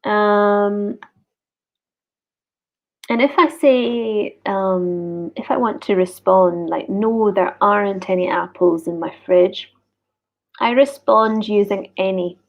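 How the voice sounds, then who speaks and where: A woman teaching an online grammar lesson, slowly repeating each example sentence. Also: mid-range voice, vocal fry. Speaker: English teacher. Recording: dull lo-fi recording.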